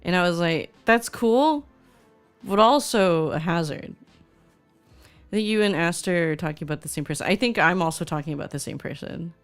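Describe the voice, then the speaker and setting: Bubbly young woman streamer, lowish voice. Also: quick pace, few pauses, faint music behind. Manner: bubbly, gushing, reads chat aloud. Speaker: VTuber streamer. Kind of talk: casual stream chat.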